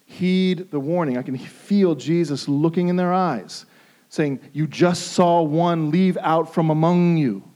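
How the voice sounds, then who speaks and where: High-voiced man preaching emphatically. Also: measured pace, warm tone. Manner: emphatic, repeats phrases for emphasis. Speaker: pastor. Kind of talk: sermon.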